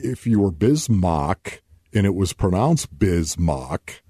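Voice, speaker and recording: A man's voice: sits low, animated, slow pace, mellow, husky, dry recording, clean studio sound. A man hosting a sports radio show, joking and teasing his co-host in casual talk. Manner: playful, teasing, repeats words for effect.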